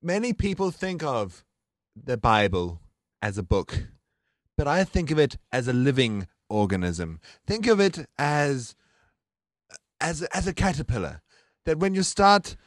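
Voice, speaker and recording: A man from New Zealand playing a pompous, flustered elderly pope in an improvised radio comedy skit, halting and stammering as he goes. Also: medium pitch, big pitch swings, no echo, clean studio sound.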